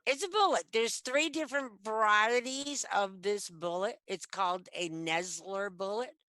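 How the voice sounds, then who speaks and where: A middle-aged woman, a metal detectorist guest on a video call, telling stories in a lively, chatty way. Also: mid-range voice, unhurried, dry recording. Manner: animated, chatty, acts out quoted lines. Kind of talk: casual storytelling. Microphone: computer mic on video call.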